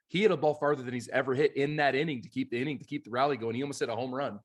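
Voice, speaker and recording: A man who coaches youth baseball and co-hosts the podcast, telling stories in an animated, emphatic way. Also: medium pitch, rapid-fire, few pauses, husky. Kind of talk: casual chat.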